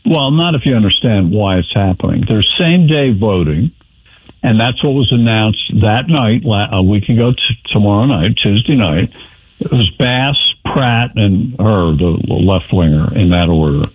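A man's voice: fairly low pitch, lively intonation, moderate pace, slightly rough, no echo. A man giving blunt, wry political commentary on a talk radio show. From New York. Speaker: guest commentator. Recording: tinny phone line.

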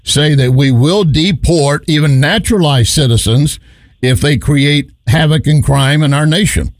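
Probing talk radio host, dry studio sound. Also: male voice, on the high side, measured pace, no room sound. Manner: probing, laughs often. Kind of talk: political talk radio interview.

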